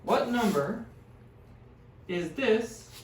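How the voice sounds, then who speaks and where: A man's voice: high-pitched, lively intonation, extremely slow, a little hiss or hum. A man teaching a classroom language lesson, patiently sounding out words and encouraging his students. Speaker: Spanish teacher. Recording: echoey room, distant mic.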